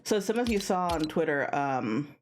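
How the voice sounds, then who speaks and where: A tired woman streaming a video game from home, chatting casually and rambling between bursts of excited yelling. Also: deep voice, moderate pace, slight background noise. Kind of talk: casual gaming stream chat.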